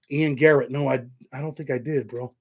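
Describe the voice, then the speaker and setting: A man's voice: mid-range voice, breathy edge. A middle-aged man from New York with a Southern-tinged American accent, hosting a casual livestream and chatting loosely with viewers, thanking them by name. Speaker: host.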